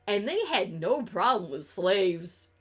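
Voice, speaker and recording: Streaming a game, this young woman keeps up a casual, rambling chat laced with sarcasm, swearing, and frequent laughter. She speaks at a slow pace in a husky, very animated voice of medium pitch.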